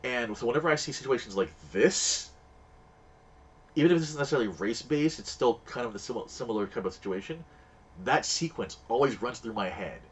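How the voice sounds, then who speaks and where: A man's voice: medium pitch, expressive, fairly quick, husky, lo-fi sound. Rambling man streaming a game. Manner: rambling storyteller, acts out quoted voices. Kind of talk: casual chat while gaming.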